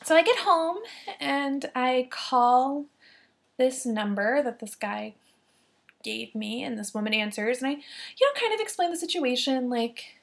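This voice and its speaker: A young adult woman telling a personal story, lively and full of "like" fillers, acting out the people she quotes. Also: sits high, normal speed, creaky. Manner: animated, many "like" fillers, acts out quoted voices. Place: Columbus, Ohio area.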